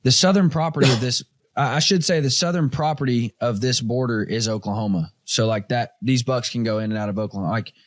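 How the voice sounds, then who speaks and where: Host, male, casual animated storyteller, mid-pitched voice, dry close recording. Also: brisk, no echo. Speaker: podcast host. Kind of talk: casual hunting story chat.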